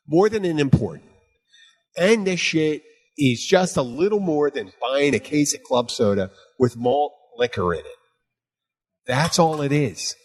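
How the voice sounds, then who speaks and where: A man chatting casually as co-host, animated and ranting, swearing freely. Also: on the high side. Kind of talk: casual chat.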